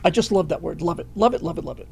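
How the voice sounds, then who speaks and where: Expressive and creaky, a bit mellow, and pitched on the high side, a middle-aged man runs a casual livestream with a little hiss or hum in the audio. He reads viewer questions and comments aloud in a halting way, full of fillers and false starts.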